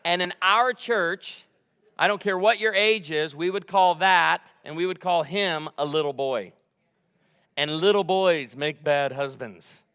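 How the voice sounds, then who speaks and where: Fired-up preacher man, bright and echoing. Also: a little high, measured pace, smooth. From United States. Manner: animated, fired-up storytelling with humor. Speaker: pastor. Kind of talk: sermon. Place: large church sanctuary. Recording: long hall reverb.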